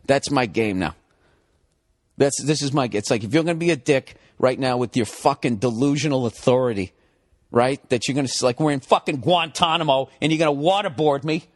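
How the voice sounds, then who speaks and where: Speaking a little fast in a mid-range voice, this man hosts his podcast and spins a comedic, casual story. He sounds exasperated, curses frequently, and plays both parties in an argument.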